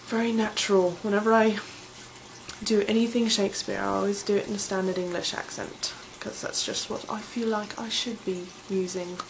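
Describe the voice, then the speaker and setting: A woman's voice: medium pitch, creaky, slight background noise, poor audio. A young woman in her twenties, chatting casually and enthusiastically as she answers questions in a vlog. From Colorado, USA. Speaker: vlogger.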